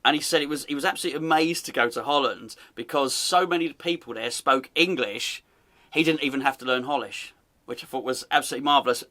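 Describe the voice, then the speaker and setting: A man's voice: mid-range voice, fast, sharp tone. A man hosting a casual comedic football podcast, teasing and laughing as he talks. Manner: amused, teasing, laughs often, chatty. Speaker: podcast host.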